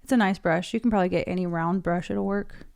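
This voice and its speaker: A woman in her thirties paints her nails at home and chats through the process into a desk mic, step by step. Her voice is on the low side, steady, smooth and a little mellow with some creak, and she speaks fast.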